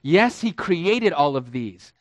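High-voiced pastor, slow and deliberate. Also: male voice, very animated, dry recording, studio quality. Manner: deliberate teaching, stretches key words for emphasis; addresses listeners as beloved and friends. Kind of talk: sermon.

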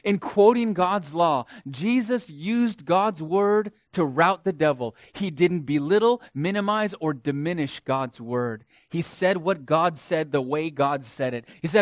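A man's voice: fairly high pitch, animated, measured pace, no echo. A man preaching a sermon as pastor, emphatic and repeating key phrases for weight. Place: church.

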